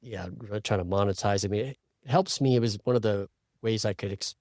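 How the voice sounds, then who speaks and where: A man's voice: fairly low pitch, fairly even intonation, fast talker, darkish tone, no echo, clean studio sound. A man, a podcast guest and brand owner, chatting casually in a reflective, self-deprecating way with some hesitations. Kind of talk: casual chat.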